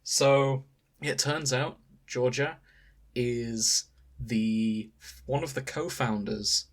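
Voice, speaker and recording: A man's voice: medium pitch, extremely slow. A man, co-hosting a podcast and recounting a story with dry, wry asides in casual chat. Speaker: podcast co-host.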